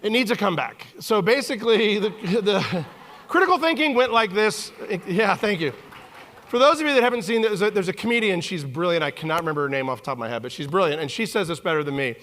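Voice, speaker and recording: Male keynote speaker, forties, slightly high voice, lively and playful with the audience. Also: quick pace. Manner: animated, joking with the audience. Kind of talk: live keynote presentation. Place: conference hall stage.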